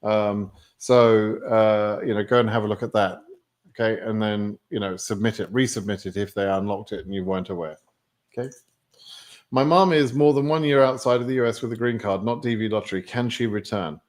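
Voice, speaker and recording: A man's voice: lowish voice, fairly even intonation, fairly quick. A man with an English accent answering viewer questions on a live stream, in a chatty way with many fillers. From England.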